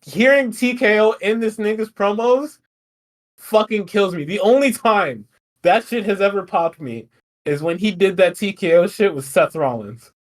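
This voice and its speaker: A man on a podcast whose voice sits a little high for a man. He rambles through his recap with plenty of swearing and laughter, in easy, casual chat. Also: normal speed. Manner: profane, rambling, laughs often. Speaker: podcast co-host.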